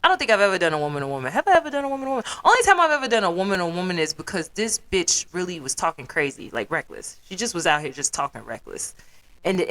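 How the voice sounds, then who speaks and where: Blunt, profane Chicago woman ranting. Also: lowish voice. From South Side of Chicago. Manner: profane, blunt, animated storytelling with put-on quotes. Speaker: podcast host. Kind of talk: casual solo rant.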